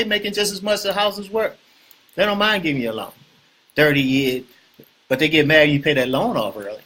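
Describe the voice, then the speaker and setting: A man with a brisk, mid-range voice hosts a casual real estate talk. He is animated and preachy, often repeating himself and putting questions to the viewers.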